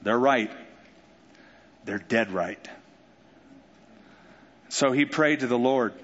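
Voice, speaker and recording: A man preaching a sermon in an animated way, joking and acting out quotes. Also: medium pitch, slow pace. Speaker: pastor. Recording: dull sound with long hall reverb.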